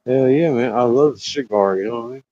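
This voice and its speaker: A man's voice: mid-range voice, fast, dark tone, dry recording. Joking man, dry lo-fi audio. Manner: joking, calls people bro and buddy. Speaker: guest. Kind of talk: casual chat. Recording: dry, dull lo-fi sound.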